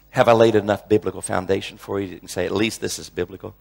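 A man's voice: lowish voice, fairly even intonation, fast, gravelly, hardly any pauses, darkish tone. A male preacher teaching a sermon in an emphatic way, often repeating phrases and restarting his sentences.

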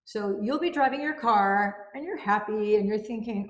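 A woman's voice: mid-range voice, normal speed, roomy sound. A woman reviewing a self-help book in a casual way. She repeats key phrases and walks through everyday examples.

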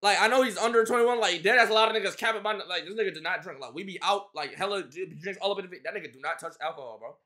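A man's voice: sits high, very fast, hardly any pauses, bright, forceful tone. A man chatting casually on a stream, joking and teasing his friend in slang.

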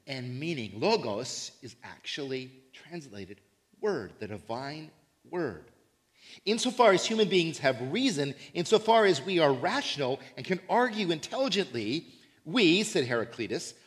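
A man preaching a sermon in church, animated and emphatic, repeating key phrases and acting out imagined listeners. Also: fairly high pitch. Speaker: pastor.

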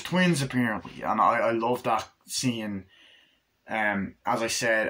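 A man giving a casual, rambling film review, swearing often and acting out scenes. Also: pushed and bright. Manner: rambling, profane, acts out scenes in a higher voice. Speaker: movie reviewer.

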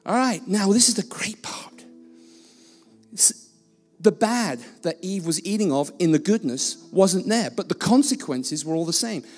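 Male guest preacher, high voice, blunt and self-deprecating, church-hall echo. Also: animated, moderate pace, hardly any pauses, a little mellow, faint music behind. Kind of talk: sermon.

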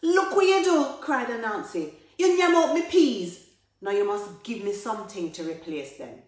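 A woman voicing a cunning male spider trickster, shrill and haggling. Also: expressive, moderate pace, natural voice. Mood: indignant. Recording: very echoey room.

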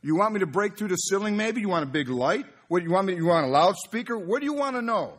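An impatient, teasing divine voice, put on by a preacher in a husky tone lifted well above his usual pitch. It throws out sarcastic questions, acted out in the middle of a sermon. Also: lively intonation, quick pace. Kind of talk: acted quote within a sermon.

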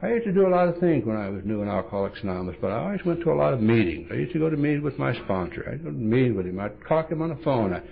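A man with a gravelly, rough-edged voice tells stories from the podium in a blunt, wry way. His pitch swings widely as he acts out bits of dialogue. It comes through a dull, lo-fi tape recording. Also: very animated, rapid-fire, few pauses. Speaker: recovery meeting speaker. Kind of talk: humorous storytelling talk.

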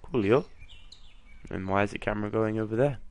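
Sarcastic young man with a low voice. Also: a little fast. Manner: sarcastic and sweary, mocks the game's characters; reads the game's dialogue aloud in a flat voice. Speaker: let's play gamer. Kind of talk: casual gameplay commentary.

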